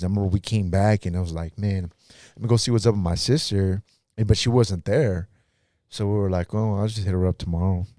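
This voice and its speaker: A man's voice: sits low, mellow, no room sound, clean studio sound. A pastor guest in a podcast interview, telling his own story in a casual, earnest way and acting out what others said.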